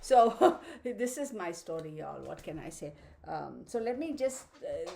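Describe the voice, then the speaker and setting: A woman's voice: fairly low pitch, very animated, measured pace, creaky, warm tone, a little hiss or hum. A woman hosting a tarot channel who chats casually with viewers, laughs often and baby-talks to her dog. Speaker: tarot reader, channel host.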